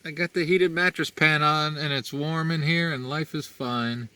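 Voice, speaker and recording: A man's voice: a little high, fairly even intonation, moderate pace, bright, forceful tone, clear, resonant tone. A man chatting casually in a cooking vlog from inside his RV, upbeat and laughing often. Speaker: RV vlogger.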